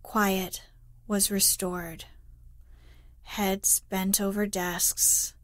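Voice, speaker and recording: Slow, hushed woman reading a sleep story. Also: medium pitch, flat delivery, no room sound. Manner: soft, hushed, drifting into whispers. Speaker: bedtime story reader.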